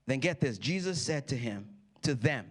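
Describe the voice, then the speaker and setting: A man's voice: medium pitch, lively intonation, normal speed. A man in his thirties preaching a sermon in church, joking with the congregation and acting out the people in his stories. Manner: playful, jokey preaching with acted-out quotes. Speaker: pastor. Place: church hall.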